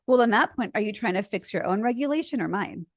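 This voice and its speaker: A woman's voice: fairly high pitch, expressive, fast talker, dry recording, studio quality. A middle-aged woman co-hosting a couples therapy podcast, talking expressively with frequent restarts. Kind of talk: casual chat with role-play.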